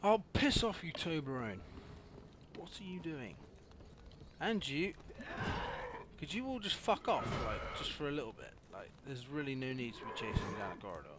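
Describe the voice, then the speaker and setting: Young guy gaming, swears loads, rage yelling then mumbling, bouncy pitch, noisy mic. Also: big pitch swings, moderate pace, long pauses. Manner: swearing, frequent angry yelling outbursts. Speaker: gaming youtuber. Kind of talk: let's play commentary.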